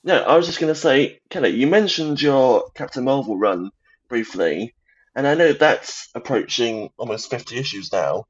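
Podcast host, low husky voice, muffled lo-fi mic, hesitant questions. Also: male voice, lively intonation, normal speed. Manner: hesitant, restarts his questions. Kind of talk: interview questions. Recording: dull lo-fi sound.

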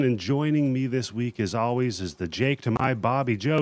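A man's voice: mid-range voice, expressive, normal speed, hardly any pauses, slight background noise. Laid-back man hosting a horror podcast. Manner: laid-back, jokey, swears casually. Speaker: podcast host. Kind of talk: casual horror podcast chat.

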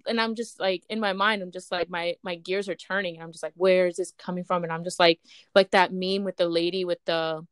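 A woman's voice: on the low side, fairly even intonation, fairly quick, a bit bright, clean tone, no room sound, clean studio sound. A woman chatting as a podcast co-host over a speakerphone call, gushing and breathless, breaking into squeals. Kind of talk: excited fan chat.

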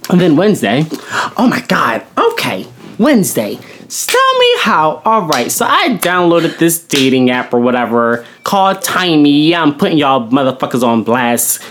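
A young woman, a podcast co-host in casual chat, telling animated stories, acting out quotes and laughing often. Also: low-pitched, moderate pace, a little hiss or hum. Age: young adult.

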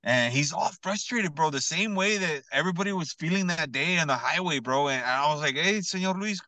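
A man's voice: a little high, a little fast, dry recording, poor audio. A man telling a personal story in casual, slangy podcast talk, peppered with "bro" and "you know what I mean", earnest and emphatic. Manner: earnest, builds to excited emphasis.

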